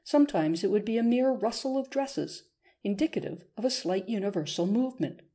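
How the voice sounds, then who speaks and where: A woman narrating a classic novel as an audiobook reader, in a measured storytelling manner. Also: medium pitch, lively intonation, warm tone. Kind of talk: scripted narration.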